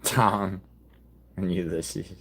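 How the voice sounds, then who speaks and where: A man's voice: deep voice, steady tone, drawn-out words, creaky, a bit bright, slightly rough. A man calling into a live stream, chatting casually with short blunt interjections. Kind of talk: casual chat.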